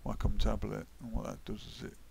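A man with a Midlands accent from the UK, talking through a digital painting as he works, relaxed and thinking aloud, often dropping to a mutter. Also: fairly low pitch, fairly quick, vocal fry, slight background noise. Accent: English Midlands. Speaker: digital artist. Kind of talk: casual painting tutorial voice-over.

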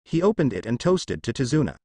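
A man narrates a fan story in a steady storytelling way, his voice at a middle pitch that moves up and down a great deal. The sound is close and dry, with no room around it. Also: fairly quick, dry recording. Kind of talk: reading a fan story aloud.

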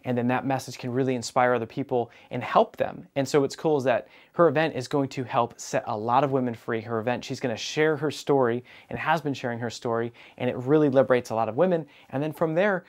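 A man's voice: mid-range voice, fast, hardly any pauses. A man who is a business coach, telling a client story with energy and acting out bits of quoted dialogue. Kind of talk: storytelling monologue.

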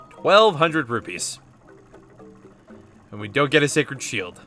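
A playful, chatty man commenting casually on a video game. His pitch moves freely, and faint music plays underneath. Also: big pitch swings, slow, long pauses, sharp tone. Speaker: let's play host.

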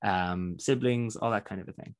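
A man's voice: lowish voice, normal speed. Laughing Irish man hosting a podcast. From Ireland. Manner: chatty, laughs often. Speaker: podcast host. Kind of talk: casual interview chat.

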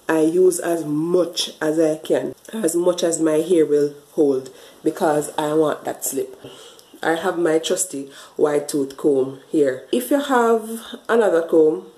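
Low-voiced woman chatting through a hair routine. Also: warm tone, roomy sound, rough recording. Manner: chatty, explains step by step while washing her hair. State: a bit out of breath. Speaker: hair care vlogger. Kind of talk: casual tutorial talk to camera.

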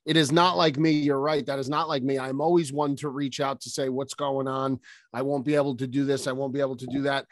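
A man's voice: mid-range voice, little pitch movement, fairly quick, no room sound, clean studio sound. A man co-hosting a podcast in casual banter, earnest and dramatic about himself. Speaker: podcast co-host.

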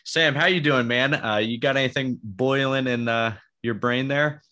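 A man's voice: mid-range voice, moderate pace, pushed and bright. A man hosting a podcast interview, chatting in an easygoing, joking way. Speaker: podcast host. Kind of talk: casual chat.

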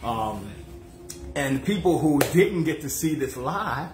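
A man's voice: fairly high pitch, animated, background noise. A man hosting a casual cooking livestream from his home kitchen, joking and chatting with viewers. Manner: joking, chatty, playful, drawn-out asides to viewers. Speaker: cooking show host. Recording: echoey kitchen with music behind.

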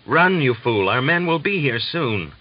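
A man's voice: mid-range voice, sing-song, unhurried, voice pushed up. A man voicing a Russian soldier and working man who talks in an urgent, brotherly way, on a dull lo-fi audiobook recording.

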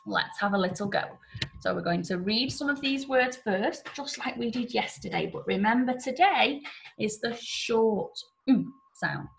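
Slow, gravelly teacher woman with an English accent. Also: fairly high pitch, expressive, a little hiss or hum. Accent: regional English. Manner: encouraging call-and-response teaching. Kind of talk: phonics lesson for young children.

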